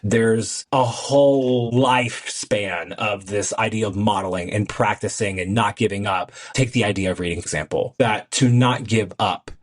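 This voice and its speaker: A man's voice: fairly low pitch, normal speed, few pauses. A man hosting a podcast interview, telling personal anecdotes and asking long, reflective questions. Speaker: podcast host.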